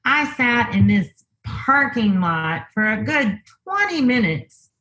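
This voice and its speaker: A woman guest in a conversational interview, telling a personal story in an unhurried way, thinking aloud with lots of fillers. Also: fairly high pitch, very animated, bright, forceful tone, poor audio.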